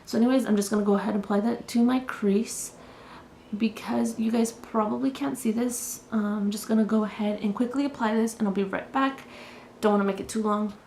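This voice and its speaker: A woman's voice: a little high, steady tone, fairly quick, creaky, darkish tone. A young woman with a cold, chatting casually and rambling as she does her makeup on camera. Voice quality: chatty, rambling, filler-heavy. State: sick, slightly congested. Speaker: beauty vlogger. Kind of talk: casual get-ready-with-me chat. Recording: echoey room with faint noise.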